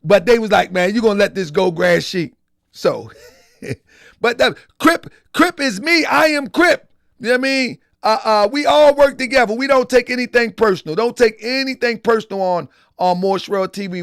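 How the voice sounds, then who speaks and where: A man's voice: high-pitched, expressive, moderate pace, fairly bright tone, no echo, clean studio sound. A man hosting a live stream in a casual, repetitive style, talking straight to his chat. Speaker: live-stream show host.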